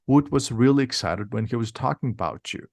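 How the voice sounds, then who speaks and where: A man's voice: mid-range voice, expressive, fairly quick, darkish tone, dry recording, clean studio sound, natural voice. A man reading as a cheerful teenage twin boy. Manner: cheerful, confident.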